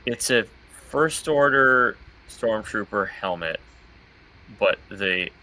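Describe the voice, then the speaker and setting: Deep, bright-toned chatty man. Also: lively intonation, takes it slowly, slight background noise, low-quality recording. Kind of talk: casual livestream chat.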